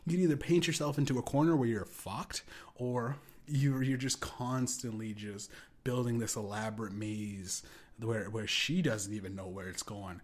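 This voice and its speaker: A man's voice: fairly low pitch, darkish tone. A man hosting a podcast, riffing in casual, rambling comedic commentary with lots of swearing. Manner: rambling, profane, acts out quoted voices. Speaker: podcast host.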